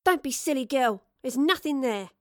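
A woman voicing an impatient, sharp-tongued mother from Tudor times in an audiobook, scolding her child. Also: sits high, brisk, no room sound, clean studio sound, voice pushed up.

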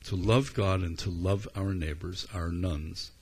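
Husky, low-voiced male preacher. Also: steady tone, unhurried, a little mellow. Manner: earnest and conversational, with frequent ums. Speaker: pastor. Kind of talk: sermon.

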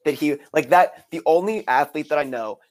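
A young man hosting a casual sports podcast, quick and animated, often talking over his friends. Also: fairly high pitch. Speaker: podcast host. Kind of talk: casual chat.

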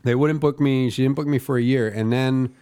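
A man's voice: medium pitch, steady tone, brisk, mellow, clear, resonant tone, no echo, clean studio sound. A man in casual podcast chat, telling a comedy club story and acting out the lines of the people in it, swearing freely.

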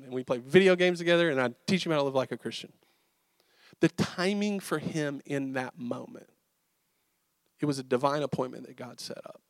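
Male pastor, slightly high voice, dry close sound, chatty storytelling sermon. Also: no room sound. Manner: casual storytelling, animated and conversational.

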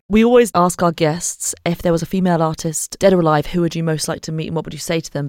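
A woman's voice: lowish voice, dry recording, studio quality. Enthusiastic woman podcast host. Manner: bright, enthusiastic, laughs easily. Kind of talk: podcast interview and outro. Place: podcast studio.

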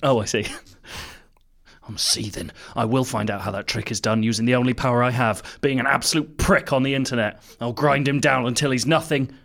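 A man playing an excitable, petty young man in a comedy podcast sketch. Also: medium pitch, a little fast, natural voice. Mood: spiteful. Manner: gleeful then spiteful, exaggerated.

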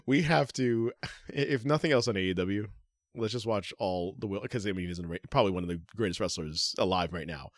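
A man's voice: lowish voice, a little fast, dry recording, studio quality. A man co-hosting a casual podcast, joking around and laughing often. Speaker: podcast co-host.

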